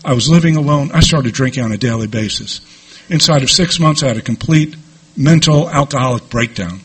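A middle-aged man telling his own recovery story to a group, candid and lively, with asides to the listeners. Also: medium pitch, fairly quick, breathy edge. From New York. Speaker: recovery speaker. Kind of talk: personal recovery talk to a group.

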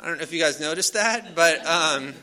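A man with a slightly high, very bright and sharp voice tells a personal story to a crowd. He talks loosely and casually, with frequent fillers and restarts. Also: fairly quick. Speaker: speaker sharing a recovery story. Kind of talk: casual storytelling to a live audience.

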